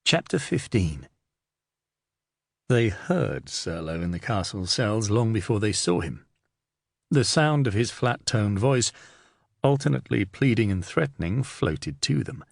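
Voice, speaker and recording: A man narrating an audiobook in a steady, measured reading. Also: fairly low pitch, vocal fry, no echo, studio quality. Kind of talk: scripted narration.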